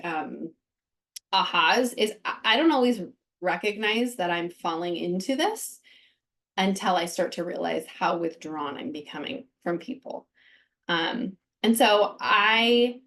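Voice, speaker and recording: Earnest woman sharing openly. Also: medium pitch. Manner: earnest, open, with frequent fillers and restarts. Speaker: podcast host. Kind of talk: candid personal talk.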